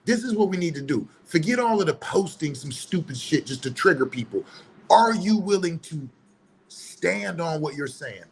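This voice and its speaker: A man delivers a heated, preachy monologue in loose, colloquial speech. His voice sits a bit higher than most men's, with a faint hum of room noise behind it. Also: animated, normal speed, vocal fry, rough recording. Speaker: online commentator. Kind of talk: opinion monologue.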